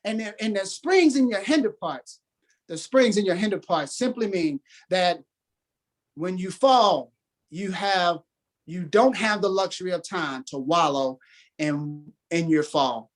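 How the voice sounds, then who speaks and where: Man, podcast guest, motivational speaking, emphatic, repeats phrases, preacher-like cadence. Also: sits high.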